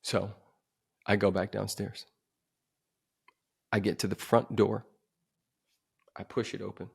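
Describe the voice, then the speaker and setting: A man on a podcast telling a dramatic personal story, swinging from emphatic to hushed. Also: fairly low pitch, level tone, slow, gravelly, breathy edge. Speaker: podcast guest.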